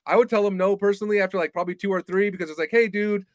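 A man's voice: high-pitched, fairly even intonation, rapid-fire, dry recording. A man co-hosting a disc golf podcast, talking casually and rambling with lots of fillers. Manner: rambling, filler-heavy, joking. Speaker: podcast co-host. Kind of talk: casual chat.

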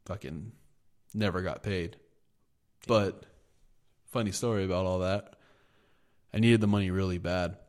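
A man's voice: sits low, steady tone, normal speed, darkish tone. A man from the United States co-hosting a podcast, telling rambling, profane stories in casual chat. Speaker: podcast co-host.

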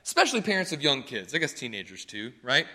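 A pastor delivering a chatty, joking sermon, often checking in with the congregation. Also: male voice, mid-range voice, huge pitch swings, fast, sharp tone, in a large hall. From North Carolina.

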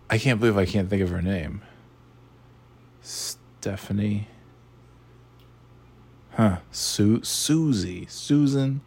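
A man's voice: fairly low pitch, darkish tone, husky. A man hosting a casual chat, rambling and sarcastic, swearing freely.

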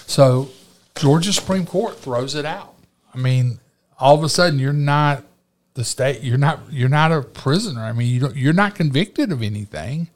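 A man's voice: medium pitch, moderate pace. A man hosting an interview show, talking conversationally and asking leading questions. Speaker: show host. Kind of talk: casual interview.

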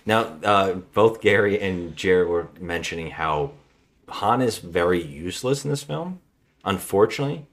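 Male podcast host, very low voice, rambling plot recap. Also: moderate pace. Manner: rambling, relaxed storytelling with frequent restarts. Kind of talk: casual chat recapping a movie plot.

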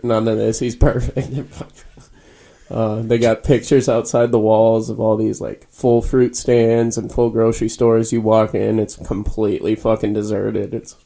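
Young male co-host, low gravelly voice, relaxed and profane, home-studio chat. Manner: laid-back, swears freely. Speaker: podcast co-host. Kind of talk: casual chat. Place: small spare room used as a home studio.

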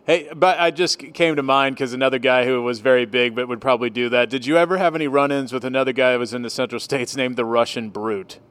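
Soft-spoken man, smooth clear voice. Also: medium pitch. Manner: soft-spoken, halting with restarts. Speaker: podcast host, interviewer. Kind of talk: casual interview.

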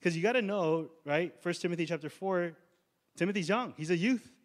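A young male pastor preaching with a slightly high voice. He keeps it loose and slangy, then hits his main points with force and weight. It sounds like a relaxed preacher talking straight to his congregation. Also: fairly quick. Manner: casual slangy preaching, rising to emphatic declarations. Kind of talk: sermon.

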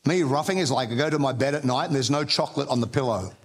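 A man's voice: medium pitch, quick pace, slight background noise. A man preaching a sermon as pastor, telling jokey family stories with frequent restarts and building emphasis when quoting scripture. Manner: humorous storytelling with frequent restarts.

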